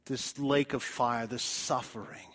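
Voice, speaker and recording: A male preacher giving a dramatic evangelistic sermon in a church, swinging from loud appeals to hushed whispers. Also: mid-range voice, steady tone, unhurried.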